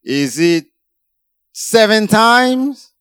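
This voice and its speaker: Male preacher, sermon delivery, unhurried and deliberate, dry close sound, emphatic swings up and down. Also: sing-song, a bit bright, smooth, no echo. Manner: emphatic, rising to exclamations then dropping low.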